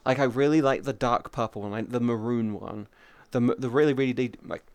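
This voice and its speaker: A man rambles to his stream viewers, a little tired and full of fillers and restarts. His voice is smooth and clean, sitting at a middle pitch. It is recorded close on a headset with a dry, dead sound. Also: steady tone, brisk, dry recording. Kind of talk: casual chat with viewers.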